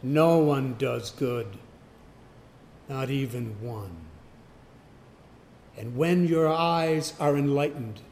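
A man preaching a sermon, emphatic, swinging from loud declarations to hushed asides. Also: mid-range voice, drawn-out words, creaky, pauses often, a little hiss or hum. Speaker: pastor.

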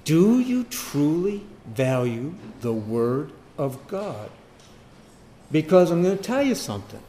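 A man preaching a sermon, firing rhetorical questions and swinging from loud emphasis to quiet asides. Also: a little high, big pitch swings, takes it slowly, slight background noise.

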